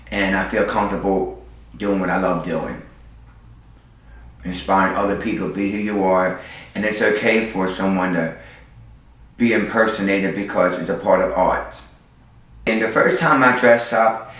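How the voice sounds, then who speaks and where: A man's voice: on the low side, a bit bright. Sassy male street performer telling stories. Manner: sassy, with sound effects. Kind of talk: storytelling interview. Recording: echoey, mic far off.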